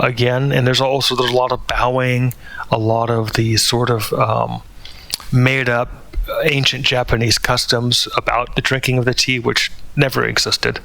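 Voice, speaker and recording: A man's voice: mid-range voice, gravelly, a bit bright, no echo. A man talking through a spoken commentary in a hesitant way, with many fillers and restarts. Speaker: channel host.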